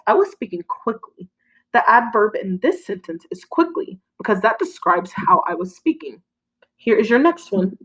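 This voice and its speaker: A woman teaching a recorded lesson to young children, her pitch rising and falling in a lively way. She speaks clearly and encouragingly, pausing for the children to answer. Her voice sits in a middle range for a woman. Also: phone-quality sound. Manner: clear, encouraging, call-and-response prompting.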